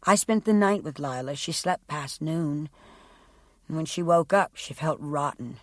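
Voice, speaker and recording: A woman voicing a young woman testifying about her sister in an audiobook, speaking quietly and haltingly. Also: deep voice, no echo, clean studio sound. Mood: subdued. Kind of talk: audiobook character reading.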